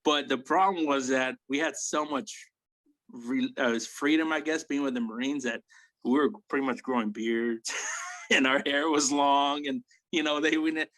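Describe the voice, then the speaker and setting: A male veteran recounts his deployment in a relaxed, profane interview voice of middle pitch. He slips into quoted dialogue as he goes, laughing along the way. The sound is dry and close, with no room echo. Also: unhurried. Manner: profane, animated storytelling with acted quotes. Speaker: interview guest, Army veteran. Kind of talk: casual storytelling interview.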